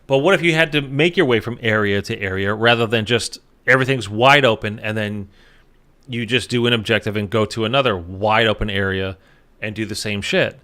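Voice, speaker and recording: A man's voice: fairly low pitch, fairly quick, sharp tone. A man talking casually to his viewers about a game as a YouTuber, rambling with lots of fillers and the odd swear, tired from little sleep. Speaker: gaming YouTuber.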